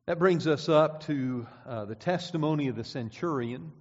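Conversational preacher in a reverberant hall. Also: male voice, a little high, moderate pace, hardly any pauses, a little mellow. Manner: conversational, repeats words, reads scripture aloud. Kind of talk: sermon. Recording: dull sound with long hall reverb.

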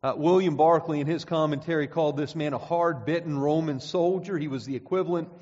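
A man preaching a sermon in a church, relaxed and conversational, stumbling over repeated words as he reads scripture aloud. His voice sits a little high for a man. The recording is dull and muffled, with a long reverb trailing off the hall walls. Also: brisk.

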